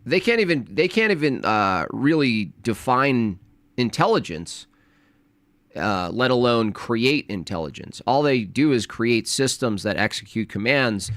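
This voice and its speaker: A man's voice: mid-range voice, sing-song, unhurried, a bit bright, no echo. A man giving sarcastic, mocking reaction commentary on a video he is watching.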